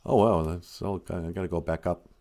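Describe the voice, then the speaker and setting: A man's voice: low-pitched, steady tone, moderate pace, dark tone. A man hosting a casual live stream, joking around and reading chat messages aloud. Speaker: host of a language live stream.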